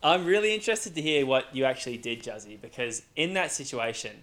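A man co-hosting a casual podcast, teasing and chiming in with quick reactions. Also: medium pitch, big pitch swings, fairly bright tone. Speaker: podcast co-host. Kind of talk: casual chat.

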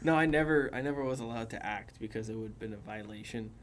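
A man's voice: fairly low pitch, fast talker, a little hiss or hum. A young man chatting casually as a podcast co-host, often laughing and acting out what others said. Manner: laughs a lot, acts out quotes. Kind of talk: casual chat.

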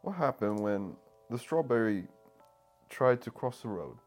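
Man trying a shaky British-type voice, lowish, hesitant delivery. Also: very animated, a little slow, a little mellow, soft background music. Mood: awkward. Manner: hesitant, stumbling.

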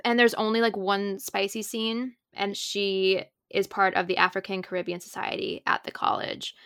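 A woman's voice: medium pitch, level tone, normal speed, a bit bright, smooth, no echo, clean studio sound. A woman in her twenties co-hosting a podcast, chatting casually with lots of "like" and "um". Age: 20s. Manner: chatty, filler-heavy with frequent "like" and "um". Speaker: podcast co-host. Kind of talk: casual chat.

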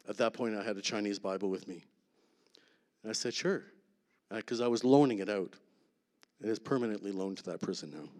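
Man preaching in a reverberant hall. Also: medium pitch. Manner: emphatic, dropping to a hush on key lines. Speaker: preacher sharing testimony. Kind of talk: sermon testimony.

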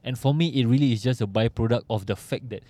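Mellow man reasoning things out. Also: mid-range voice, quick pace, dry recording. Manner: thoughtful, hedging, loose reasoning. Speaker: podcast co-host. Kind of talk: casual panel chat.

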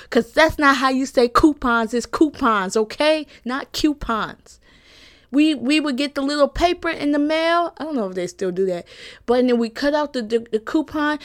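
A young woman giving an emphatic, satirical personal monologue, repeating lines for punch and swearing freely. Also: sits high. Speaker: comedic commentator.

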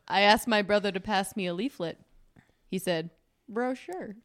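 A woman's voice: medium pitch, measured pace, a bit bright. A woman co-hosting a comedy podcast, teasing and laughing a lot. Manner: playful, teasing, laughs often. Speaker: podcast co-host. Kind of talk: casual comedy chat.

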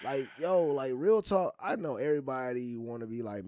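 A man's voice: medium pitch, lively intonation, moderate pace, a little mellow, no room sound. Laid-back young man in a dry room. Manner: loose, profane, laughs often, trails off with "you know what I'm saying". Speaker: podcast co-host. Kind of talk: casual chat.

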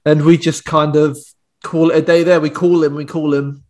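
Jokey man, fairly high voice. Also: level tone, moderate pace, a little mellow. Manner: jokey, swears, laughs through his lines. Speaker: podcast co-host. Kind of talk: casual pub-banter podcast chat.

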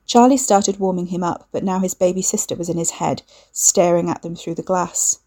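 A woman narrating a dark fiction story in a measured, steady reading. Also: on the low side. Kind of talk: scripted audiobook narration.

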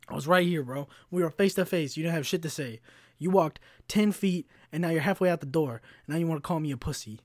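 A man's voice: fairly high pitch, fast talker, a little mellow, no echo. 20s dude ranting on his podcast, swears constantly, slangy, dry close sound. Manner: profane, heated storytelling with slang. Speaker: podcast host. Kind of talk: solo podcast rant.

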